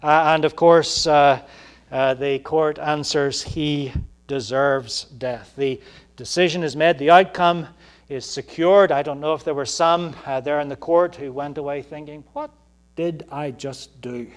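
A man preaching a sermon, halting often on fillers, then pressing points with rising emphasis. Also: on the high side, fairly even intonation, smooth.

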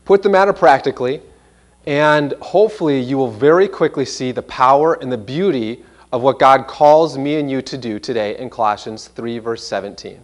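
A man preaching a sermon in a church, animated and earnest, sometimes mimicking voices in quoted asides. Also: medium pitch, moderate pace. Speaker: pastor.

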